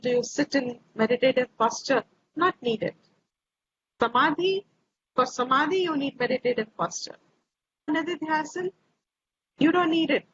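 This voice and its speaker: A woman teaching scripture slowly and reflectively, repeating her phrases, over a video call. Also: sits high. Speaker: Vedanta teacher. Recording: dull lo-fi audio with faint hiss.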